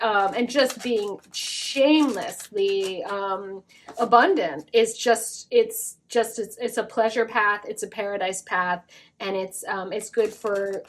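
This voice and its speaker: A woman's voice: mid-range voice, a little hiss or hum. A woman giving a casual spiritual tarot reading to her viewers, effusive and rambling, with lots of fillers and frequent giggles. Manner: breaks into giggles. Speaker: tarot card reader.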